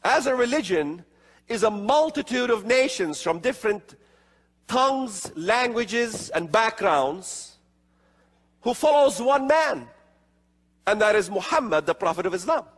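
High, lively man lecturing in a hall. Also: a little slow, husky. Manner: emphatic, rhetorical questions, sarcastic asides. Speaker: religious speaker. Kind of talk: emphatic prophecy lecture. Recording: long hall reverb.

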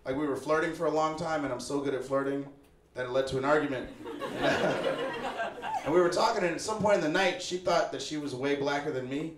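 A young Chicago stand-up comedian with a fairly high, brisk voice does a relaxed, wry set in a small apartment living room, acting out the people he mentions. The roomy live recording has a noisy background and audience laughter.

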